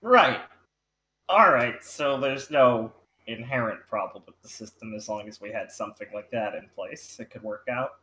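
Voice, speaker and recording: A man's voice: medium pitch, normal speed, pushed and bright, reverberant, slight background noise, rough recording. A man playing in a tabletop role-playing game, speaking politely and tentatively in character. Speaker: player.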